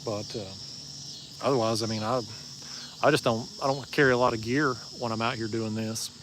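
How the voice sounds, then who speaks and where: Outdoors on a marina bank at night, a man with an East Tennessee Southern drawl hosts a casual fishing livestream, answering viewers in a laid-back, folksy, joking way. His mid-range voice holds a steady tone at normal speed, with background noise around him.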